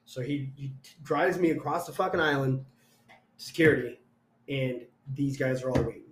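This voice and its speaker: A man's voice: medium pitch, moderate pace. A young man telling a story in casual chat, swearing a lot and acting out what people said. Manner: profane, animated, acts out quotes loudly. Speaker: storyteller guest. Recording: echoey room.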